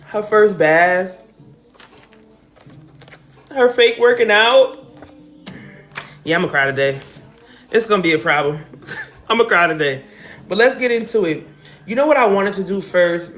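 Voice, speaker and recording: A woman from New Jersey hosting a casual live stream from home, talking emotionally and directly to her viewers. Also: lowish voice. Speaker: livestream host. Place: at home, decorated with balloons and pictures.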